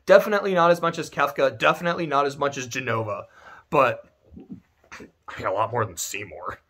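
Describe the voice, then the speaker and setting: A man's voice: medium pitch, fairly quick, bright, forceful tone. A young man giving a casual spoken game review, rambling, correcting himself and swearing casually.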